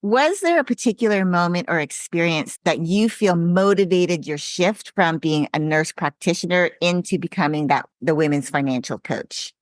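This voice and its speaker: A woman's voice: lowish voice, lively intonation, moderate pace, hardly any pauses, no echo. A woman hosting a podcast interview, talking earnestly and reflectively, openly emotional. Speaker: podcast host. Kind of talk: interview conversation.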